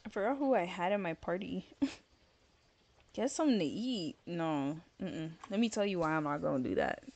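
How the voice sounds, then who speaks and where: A woman's voice: lowish voice, expressive, moderate pace, a little mellow. A woman chats casually while she plays a game live on stream. She rambles, fills her sentences with "like", and sounds tired and yawny late at night. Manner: chatty and rambling, many fillers of "like".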